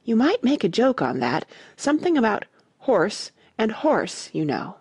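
A woman voicing a tiny, sad male gnat in a storybook, speaking in a small, soft, plaintive voice. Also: fairly high pitch, very animated, measured pace, breathy edge, no echo, studio quality, pitched above the performer's own voice, full character voice. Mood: wistful.

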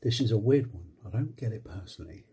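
A man's voice: on the low side, expressive, fast talker, gravelly, dark tone, husky. Wry, self-mocking man eating on mic. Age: adult, married. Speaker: ASMR channel host. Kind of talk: casual mukbang ASMR chat. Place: home with washing machine and computer running. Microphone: phone.

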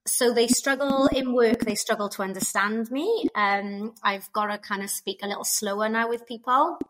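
A Welsh woman chats casually as a podcast guest over a video call. Her voice is bright and sits fairly high, and she tells her stories loosely. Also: normal speed, rough recording. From Wales. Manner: chatty, laughs while telling stories. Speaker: guest, migrant to Australia. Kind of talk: casual interview chat.

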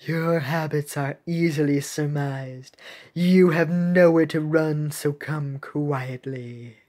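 A woman's voice: deep voice, takes it slowly, darkish tone. A woman voicing a stern, proud cookie navy captain who gives dry, commanding orders while she reads game cutscenes. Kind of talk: reading game cutscenes aloud.

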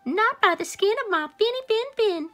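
A woman voicing a brave, tiny fish from a children's storybook, giving a squeaky, defiant reply. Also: lively intonation, moderate pace, fairly bright tone, soft background music.

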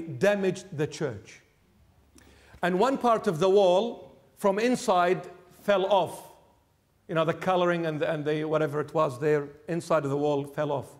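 A male bishop preaching in a church with a notably high voice. He tells his story in an animated, conversational way, acting out the speakers he quotes, and drops to a low hush to get attention. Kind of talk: sermon storytelling.

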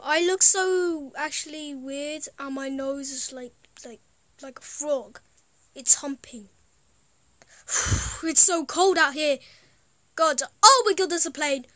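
Female gaming host: high voice, slow rambling chat, dry close sound. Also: sharp tone, no echo. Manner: rambling, easily amused, trails off. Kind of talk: casual gameplay commentary.

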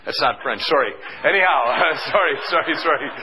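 A middle-aged man giving an energetic motivational seminar talk, calling out questions for the audience to answer. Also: on the high side, a little fast, noisy background. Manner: energetic, call-and-response with the audience. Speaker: seminar speaker.

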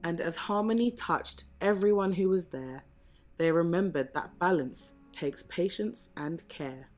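A woman reading a rhyming picture book aloud in a gentle, measured way. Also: lowish voice, animated. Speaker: storybook reader. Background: soft background music.

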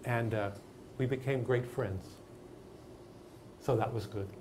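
Emphatic older acting teacher. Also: male voice, mid-range voice, slow, noisy background. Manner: animated, emphatic, storytelling. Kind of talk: masterclass discussion.

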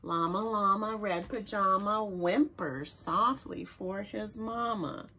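A woman, a children's librarian, reads a picture book aloud to young children in an expressive, sing-song way and stops now and then to explain words. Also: mid-range voice, slow, a little hiss or hum. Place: library story time recorded for online viewing.

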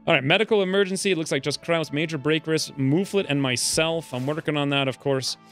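A man's voice: a little high, fairly quick. Joking man narrating gameplay, light music. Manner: joking, animated, voices his dwarf's rants. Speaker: let's play host. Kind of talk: casual gameplay commentary.

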